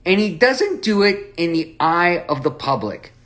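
A man's voice: a little high, a little slow, few pauses. A man leading a Bible study, talking through scripture with rhetorical questions and acted-out quotes. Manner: animated, acts out quoted lines, rhetorical questions.

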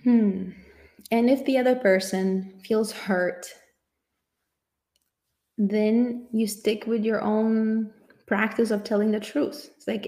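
A woman's voice: a little high, steady tone, slow pace, long pauses, mellow. A woman speaking in an earnest, reflective personal monologue, thinking aloud as she goes. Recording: echoey room.

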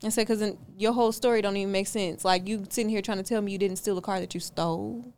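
A young woman appears as a podcast guest, a car rental owner telling a story in a casual interview and acting out both sides of it. Her medium-pitched voice is smooth, darkish and steady, and she speaks fast.

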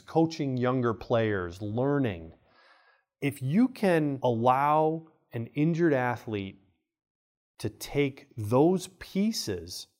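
A man, a kinesiology professor, explaining ideas in a relaxed podcast conversation and acting out the people in his stories. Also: mid-range voice. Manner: animated storyteller, acts out quoted voices. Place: college podcast studio.

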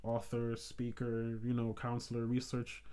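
A man's voice: medium pitch, monotone, unhurried, dark tone, clear, resonant tone. A man hosting a podcast, talking in a rambling, casual way with many restarts. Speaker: podcast host. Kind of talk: casual chat.

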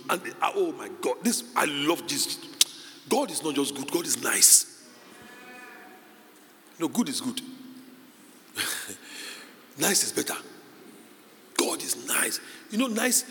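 A male pastor delivering a sermon with a lively, wide-ranging voice that rises to shouted peaks and drops to low asides. His tone is bright and fairly high for a man. The sound carries the long reverb of a hall with a faint hum of ambience behind it.

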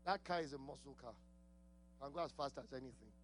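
A man's voice: mid-range voice, fast, slight background noise. A man with an accent preaching a sermon, laughing often, asking the congregation questions and repeating key words. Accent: non-native English accent.

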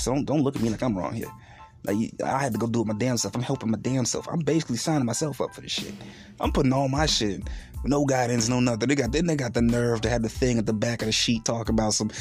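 A man's voice: medium pitch, quick pace, faint music behind. Profane, blunt podcast host man. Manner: blunt, profane, animated storytelling with loud mocking quotes. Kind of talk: casual profane monologue.

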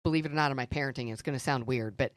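A middle-aged woman co-hosting a faith podcast, telling stories and teaching in an earnest, animated way. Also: a bass voice, racing, dry recording, studio quality. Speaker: podcast co-host. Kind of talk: faith-based conversational teaching.

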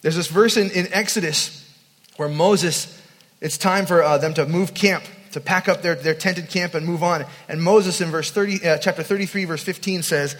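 A man preaches to young people at a camp, weaving in humorous, self-deprecating stories. His voice sits high for a man. The sound carries a long, lingering hall reverb. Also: steady tone, moderate pace, fairly bright tone. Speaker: youth camp speaker. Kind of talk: storytelling sermon.

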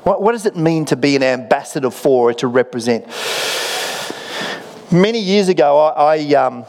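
A middle-aged Australian man preaches a sermon, slipping into easy anecdotes and gentle jokes at his own expense. His voice sits a little high for a man. The sound rings with the long reverb of a large hall. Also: expressive, moderate pace. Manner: conversational storytelling with self-deprecating humour. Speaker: pastor. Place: church auditorium.

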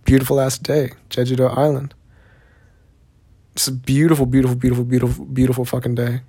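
A young Texan man with a Southern accent talks straight to his viewers in a relaxed vlog. His voice sits at an average pitch, and his talk is loose and unhurried, packed with fillers and casual swearing. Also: breathy edge. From Texas. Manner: laid-back, heavy swearing, many fillers. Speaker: vlogger.

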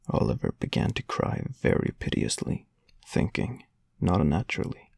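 A man with a gravelly, husky voice reading a classic novel aloud in a measured storytelling manner. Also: deep voice, a little mellow, dry recording. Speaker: audiobook narrator. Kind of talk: scripted narration of a classic novel.

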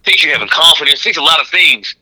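Man, middle-aged comedian, podcast chat, very bright tone, slightly high voice. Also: fast talker, poor audio. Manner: animated, acts out crowd and director voices.

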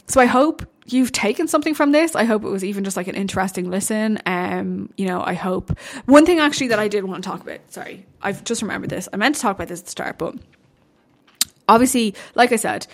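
A woman's voice: mid-range voice, vocal fry. A young woman talking alone into her podcast mic about her sport. She speaks casually and bluntly, swears freely and gets heated when she feels she has to justify herself. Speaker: podcast host and bodybuilding coach. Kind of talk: casual solo podcast chat.

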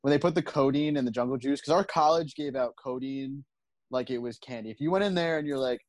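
A young man co-hosting a podcast in easy, casual chat. His pitch sits in the middle, and the recording is dry and close. He rambles and jokes, laughing often. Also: fast, no echo. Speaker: podcast co-host.

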